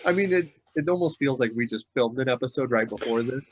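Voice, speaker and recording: A man's voice: medium pitch, fast, slight background noise. A man co-hosting a board game podcast in a casual, easygoing way, thinking aloud with frequent hesitations. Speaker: podcast co-host. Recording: dull lo-fi dry recording.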